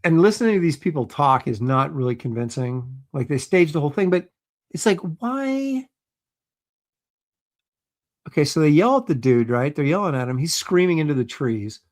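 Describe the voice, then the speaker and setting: A man's voice: medium pitch, animated, a little fast, hardly any pauses. A man hosting a casual livestream, reacting to videos and reading viewer comments in a sarcastic, skeptical way. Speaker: livestream host.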